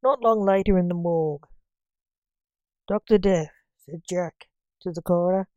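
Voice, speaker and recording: A woman narrating a story in a measured, steady reading voice. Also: fairly low pitch, smooth, no echo, lo-fi sound.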